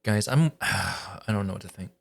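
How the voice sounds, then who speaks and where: A man's voice: fairly low pitch, animated, moderate pace, vocal fry. A man live-streaming a story game, chatting casually and thinking aloud with hesitant restarts.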